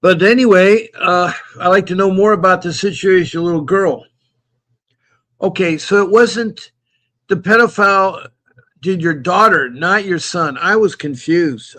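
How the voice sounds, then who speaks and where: A man with a high, slightly bright voice hosts a live call-in stream, reading viewer comments aloud and greeting people by name. He's chatty and tends to repeat himself.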